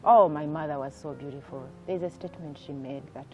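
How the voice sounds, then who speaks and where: A woman guest telling her life story in an interview, soft-spoken and reflective, with many fillers. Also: low voice, brisk. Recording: dull lo-fi recording with faint music.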